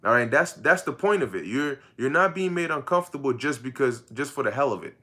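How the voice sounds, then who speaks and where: A man's voice: mid-range voice, animated, brisk, sharp tone. A man giving an informal, conversational Bible teaching, often repeating words and asking the listener questions. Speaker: preacher.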